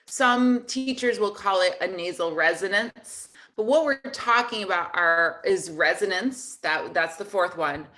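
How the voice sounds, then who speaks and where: Bright-voiced woman teaching singing. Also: mid-range voice. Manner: explains and demonstrates sounds in her speaking voice. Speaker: voice teacher hosting a workshop. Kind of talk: online singing lesson.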